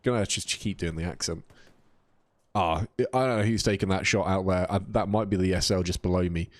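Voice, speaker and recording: A man's voice: deep voice, brisk, dry recording. A man casting a live video game match, talking casually and reacting to chat between plays. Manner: casual, chatty, reads chat aloud. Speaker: esports caster.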